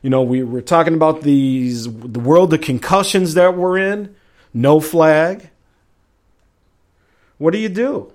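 A man's voice: fairly high pitch, takes it slowly, pauses often, darkish tone. A middle-aged man hosting a casual sports talk show, chatty and slangy, with plenty of exclamations. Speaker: sports podcast host.

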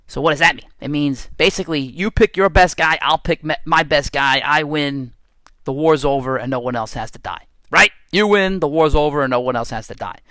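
A man hosting his own fitness podcast, telling stories in a casual, animated way and laughing at himself now and then. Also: fairly high pitch, a little fast, no echo. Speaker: podcast host and strength coach. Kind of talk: casual solo podcast monologue.

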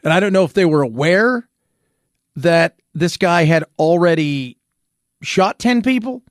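A man's voice: on the high side, no room sound. Sarcastic man with a dry close sound. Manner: sarcastic, rhetorical questions. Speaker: commentary show host. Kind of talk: opinionated news commentary.

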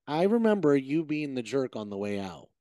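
A man hosting a gossip chat, his pitch leaping up and down all over the place. He talks in a dry close-up sound, loose and full of swearing. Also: moderate pace, no echo. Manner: animated, profane, gossipy. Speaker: podcast host.

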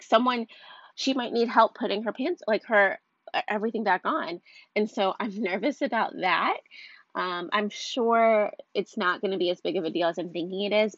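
A woman's voice: medium pitch, dry recording. Young woman, stuffy nose, rambling casual vlog chat, dry close sound, a bit muffled. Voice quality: chatty, rambling with lots of "like" fillers. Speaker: mom vlogger.

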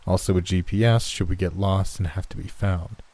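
Deep-voiced male horror narrator. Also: steady tone, moderate pace, warm tone. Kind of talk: scripted horror story narration.

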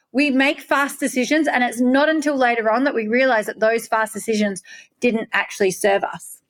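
A woman talks in a candid, emphatic manner. Her voice sits a little high. She is a coach telling a personal story and swears freely along the way.

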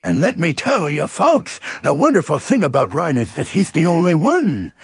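A man voicing a bouncy robot announcer that sounds like a cartoon tiger, hooting and exaggerated, with a raspy, gravelly voice. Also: a little high, wildly swooping pitch, normal speed, no room sound, heavily acted. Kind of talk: comedic podcast intro bit.

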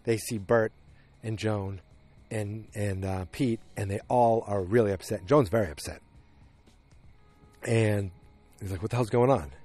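This man's voice sits lowish and steady, a little slow and mellow, with long pauses and faint music in the background. Hosting a podcast, he retells a TV episode casually, wandering off course and filling gaps with restarts and fillers.

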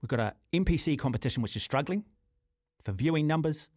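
A man's voice: fairly high pitch, animated, fast, darkish tone, dry recording, clean studio sound. A man with a New Zealand accent hosting talkback radio, blunt and combative, often calling his caller mate. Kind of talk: opinionated talk radio. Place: radio studio.

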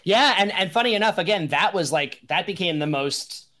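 A man's voice: high-pitched, expressive, moderate pace, crowd noise. A man from Long Island with a faint Long Island accent, chatting casually on a podcast and rambling through restarts and fillers. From Long Island, New York. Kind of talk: casual chat.

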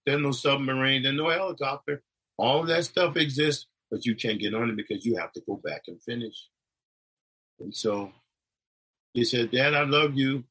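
Husky-voiced man telling a heaven vision. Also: mid-range voice, normal speed, a bit bright, poor audio. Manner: emotional storytelling, voices rising and falling. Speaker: preacher.

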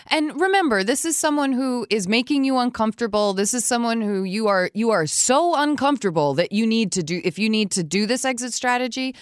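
A woman's voice: fairly high pitch, brisk, hardly any pauses, dry recording, studio quality. A woman co-hosting an advice show in casual, chatty talk, laughing and acting out lines she imagines saying. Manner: chatty, animated, laughs often, acts out quoted lines. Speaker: advice podcast co-host.

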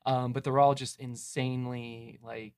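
A man's voice: medium pitch, flat delivery, measured pace, clean tone. Rambling young man co-hosting a podcast. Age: 20s. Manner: rambling, full of "like" and hedges. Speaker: podcast co-host. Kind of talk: casual chat.

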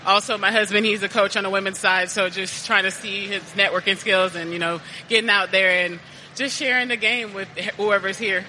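A woman's voice: medium pitch, fairly even intonation, normal speed, bright, forceful tone, a little hiss or hum, poor audio. A woman basketball player sounding grateful and easygoing as a guest on a live podcast.

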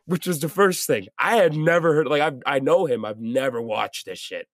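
A man's voice: medium pitch, normal speed, dry recording, studio quality. A young man co-hosting a podcast, telling a story in casual, slangy chat full of swearing. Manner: casual slangy, swears, says "bro" often. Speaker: podcast co-host.

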